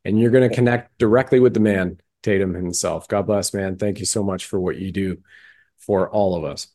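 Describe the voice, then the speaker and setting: A man's voice: low-pitched, moderate pace, mellow. A male podcast host interviewing a guest in a fervent, emphatic, folksy way. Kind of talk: interview conversation.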